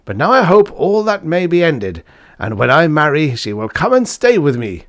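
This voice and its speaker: A man voicing a hearty, testy elderly male professor who blusters and shouts in high spirits. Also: very animated, normal speed, no room sound, studio quality. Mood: boisterous.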